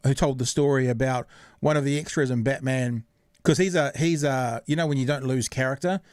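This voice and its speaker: A man's voice: medium pitch, fairly even intonation, a little fast, a little mellow, no room sound, studio quality. A man hosting a podcast in casual chat, rambling and searching for words. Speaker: podcast host.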